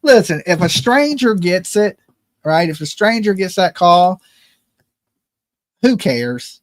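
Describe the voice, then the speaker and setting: A man's voice: sits high, lively intonation, measured pace, no room sound, clean studio sound. A man hosting a livestream in casual joking chat, loose and rambling, swearing freely as he banters. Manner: loose, rambling and profane, jokey phone-prank banter. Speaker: streamer host.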